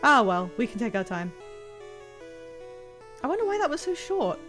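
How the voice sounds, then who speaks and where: Excitable, lively woman streamer. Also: fairly high pitch, moderate pace, music in the background. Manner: chatty, excitable, self-deprecating, rambling. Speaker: livestreamer playing a video game. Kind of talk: casual live-stream chat.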